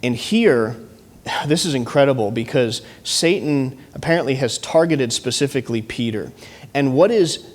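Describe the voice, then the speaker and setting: A man's voice: mid-range voice, lively intonation, normal speed. A man with a Midwestern American accent preaching a sermon as pastor, in an earnest teaching tone with frequent restarts. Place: church sanctuary. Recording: long church hall reverb.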